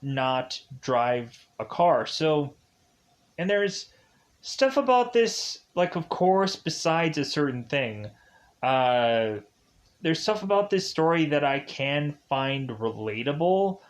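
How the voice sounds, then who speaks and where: A man's voice: fairly high pitch, very animated, slow pace. A man recapping a film in a casual, rambling way, with many fillers, and retelling the scenes loosely in the present tense. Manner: rambling, filler-heavy, with many likes and kinda's. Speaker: film reviewer. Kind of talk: casual spoken movie recap.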